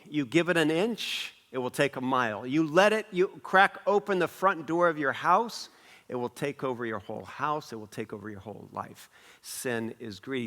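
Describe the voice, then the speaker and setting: Male pastor with a mid-range voice, preaching animatedly, rising and falling, driving home repeated phrases. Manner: animated preaching with swings in pitch and volume, repeating phrases for emphasis. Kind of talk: sermon. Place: church.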